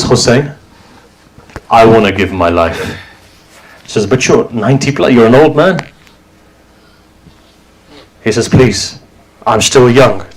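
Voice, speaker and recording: A man preaching a mourning sermon as a dramatic story, his voice rising into high, tearful cries and dropping to hushed tones. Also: low-quality recording. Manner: drops to low, hushed tones for quiet moments.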